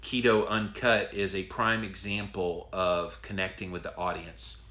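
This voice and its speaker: A middle-aged man with a Southern US accent, hosting a casual live stream and reading out viewer comments in an earnest, chatty, drawn-out way. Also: deep voice, flat delivery, bright, forceful tone, roomy sound. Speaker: host.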